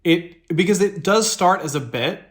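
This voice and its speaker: A male podcast co-host in casual chat who muses aloud and rambles. He circles his thoughts in loose, unhurried sentences, starting and restarting. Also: high-pitched, expressive. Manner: reflective, rambling, talks in fits and starts.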